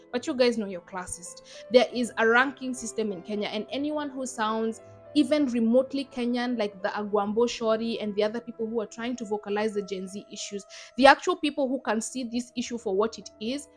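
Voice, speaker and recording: A woman's voice: a little high, a little fast, faint music behind. A young adult woman from Zimbabwe giving emphatic, sarcastic commentary in a vlog. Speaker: YouTuber.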